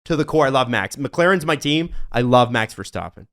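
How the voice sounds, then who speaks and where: Emphatic young man, lively pitch. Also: brisk. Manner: emphatic, swearing, rambling asides. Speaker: podcast co-host. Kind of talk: casual sports chat.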